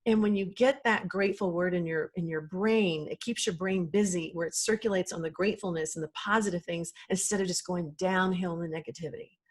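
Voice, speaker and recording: Animated woman guest on a podcast. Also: on the low side, a little fast, few pauses. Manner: animated, acts out quoted voices, laughs easily. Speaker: podcast guest, life coach. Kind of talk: casual conversational interview.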